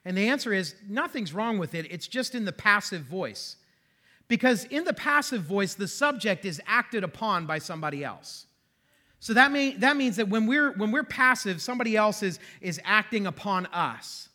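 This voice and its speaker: Bright-voiced high-pitched male pastor. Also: animated, normal speed. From western Pennsylvania. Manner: conversational, self-deprecating humor with frequent asides. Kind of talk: sermon. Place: church sanctuary.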